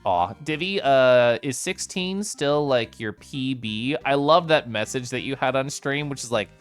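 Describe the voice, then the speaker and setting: A man's voice: medium pitch, expressive, a little slow, clean tone, faint music behind. A man streaming a game, chatting casually with viewers, bubbly and giggly. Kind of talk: casual live-stream chat.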